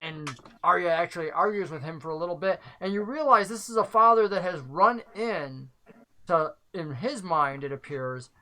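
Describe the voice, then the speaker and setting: A game master narrating a tabletop game in a relaxed way, with frequent filler words. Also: mid-range voice, normal speed.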